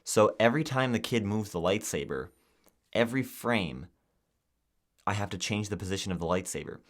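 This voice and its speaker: This young podcast co-host speaks on the low side at a moderate pace. His talk is a casual chat, and he tells stories with animation, acting out the quotes.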